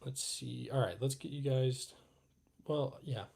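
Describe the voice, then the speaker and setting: A man's voice: mid-range voice, steady tone, a little slow, gravelly, a little mellow, husky. A young man hosting a casual live Q&A stream, rambling and reading chat aloud with lots of fillers. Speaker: livestream host.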